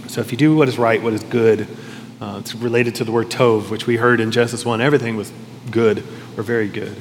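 A man's voice: mid-range voice, steady tone, fairly quick, a little hiss or hum. Conversational male pastor in a reverberant hall. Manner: conversational, reflective, self-questioning. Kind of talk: sermon.

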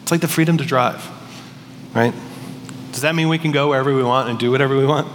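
A man's voice: medium pitch, fast. A man preaching a sermon in a conversational, storytelling way, with frequent restarts. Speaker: pastor. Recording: long hall reverb, faint noise.

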